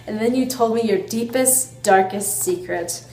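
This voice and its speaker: A woman's voice: mid-range voice, measured pace, gravelly, reverberant, poor audio. A young woman vlogger reading an old letter aloud and mocking her own writing as she goes. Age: young adult. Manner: self-mocking, animated.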